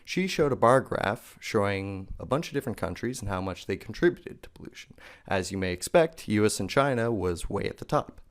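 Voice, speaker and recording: A man's voice: fairly low pitch, lively intonation, fairly quick. A man from Canada telling a school anecdote in a plain, matter-of-fact way. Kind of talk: casual storytelling to camera.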